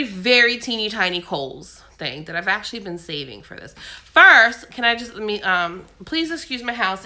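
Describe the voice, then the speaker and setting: A woman's voice: mid-range voice, sharp tone. A woman vlogging casually at home, sick with a cold and her voice coming and going, telling a long rambling story full of fillers. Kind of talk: casual chat.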